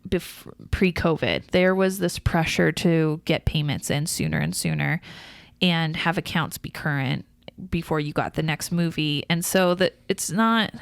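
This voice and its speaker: A woman's voice: sits low, animated, unhurried, creaky, dry recording, clean studio sound. A woman co-hosting a podcast, talking casually and explaining the business side at length, with fillers and restarts. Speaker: podcast co-host.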